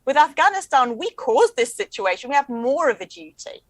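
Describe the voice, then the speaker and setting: A woman, chatting as a comedian guest in a quick, wry, joking way. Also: high-pitched, big pitch swings, no room sound, rough recording. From England. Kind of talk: casual chat.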